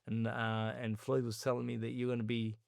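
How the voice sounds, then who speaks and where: A man with an Australian accent tells his story in a conversational interview, animated and quick to act out other people's words. His voice has a gravelly rasp to it. The sound is dry and close, with no room echo. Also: medium pitch. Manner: animated retelling, acting out others' words in quotes. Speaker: podcast guest, boxer.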